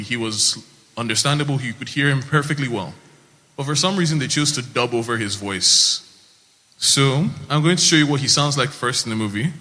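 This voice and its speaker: Young Nigerian comedian with a bright voice. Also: male voice, mid-range voice. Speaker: stand-up comedian. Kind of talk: stand-up comedy set. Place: comedy stage. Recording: reverberant live stage.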